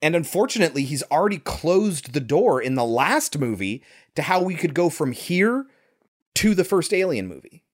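A man's voice: fairly high pitch, sing-song, normal speed. An American man in casual conversation reviewing a movie, explaining at length and swearing now and then. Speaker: movie podcast co-host. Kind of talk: casual film review chat.

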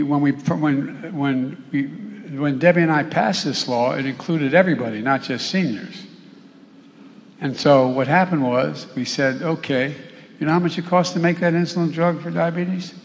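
Rambling man speaking in a large hall. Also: a little high. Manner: halting, restarts sentences. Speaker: politician. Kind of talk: rambling campaign speech. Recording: roomy hall with faint noise.

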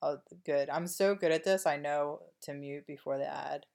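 Podcast co-host, female, deep register, dry and meandering. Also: moderate pace, vocal fry, a little mellow. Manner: rambling, wry, lots of fillers. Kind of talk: casual chat.

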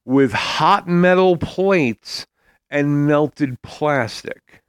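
A man co-hosts a casual podcast, talking slowly and explaining with examples. His voice is smooth and even. The sound is dry and close, with no room around it. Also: a little high, no room sound. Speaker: podcast co-host. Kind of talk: casual chat.

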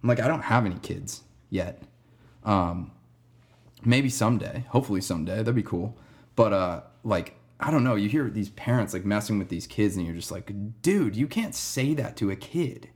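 A young man tells a story on his podcast in a loose, rambling way. His voice sits a little low and stays relaxed, with plenty of "dude" and "man" along the way. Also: moderate pace. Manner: rambling, laid-back, says "dude" and "man" a lot. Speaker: podcast host. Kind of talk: casual storytelling monologue.

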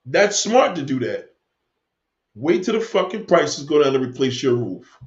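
His voice is a little high and very animated, though his pace runs a little slow. The man rants heatedly to his stream's viewers, swearing a lot while rambling across points. The audio has an echoey, dull, lo-fi character.

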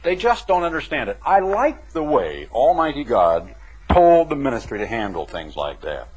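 Male preacher, emphatic and folksy, slightly raspy, on a muffled old broadcast tape. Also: medium pitch, moderate pace. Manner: animated, emphatic, folksy asides. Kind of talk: sermon. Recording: dull lo-fi 1980s broadcast recording.

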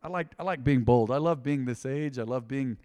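A middle-aged man delivers a sermon with bold conviction in a church sanctuary. His voice sits at an ordinary male pitch, and his quiet asides build into loud, emphatic calls to the congregation. A long reverb from the hall trails each phrase. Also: fairly quick. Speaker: pastor.

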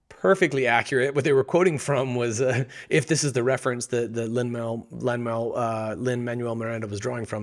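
A man giving a devotional Bible teaching, explaining scripture and asking his listeners many rhetorical questions in an animated way. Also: medium pitch.

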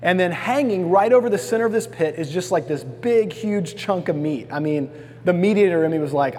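High-voiced preacher in a big echoey hall. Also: male voice, normal speed, darkish tone, breathy edge. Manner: folksy storytelling, asks congregation to repeat words. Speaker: pastor. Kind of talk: sermon.

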